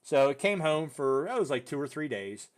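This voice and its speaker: A young man hosting a podcast, telling a story in loose casual chat and jumping his voice up high when he quotes people. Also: moderate pace. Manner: animated, voice jumps high when quoting people; loose, filler-heavy talk with "dude" and "you know". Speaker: podcast host.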